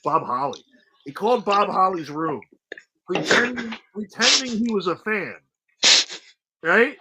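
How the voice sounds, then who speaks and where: A middle-aged man telling casual stories in an interview, animated, swearing freely and laughing often. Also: high-pitched, a little slow, slight background noise, low-quality recording. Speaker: interview guest, former wrestler. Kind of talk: casual storytelling.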